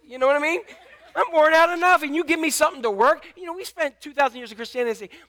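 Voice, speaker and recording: A man preaching a sermon as a church pastor, lively and joking, with his voice often jumping up for emphasis. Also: quick pace. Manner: lively preaching, jokes, sudden rises in pitch and loudness.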